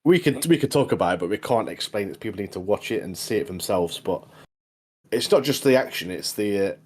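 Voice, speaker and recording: Low-voiced man, enthusiastic. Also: lively intonation, darkish tone, breathy edge. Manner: enthusiastic, halting with repeated words and fillers. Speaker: podcast co-host. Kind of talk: casual chat.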